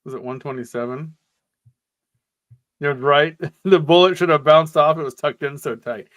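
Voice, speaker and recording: Jokey podcast host reading aloud. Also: male voice, on the high side. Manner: jokey, animated, quick asides. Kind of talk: casual chat and reading a gamebook aloud.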